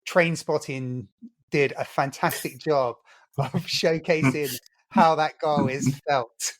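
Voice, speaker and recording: A man's voice: a little high, fairly even intonation, slow. A man co-hosting a casual football podcast, telling stories with enthusiasm. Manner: enthusiastic, storytelling. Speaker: podcast co-host.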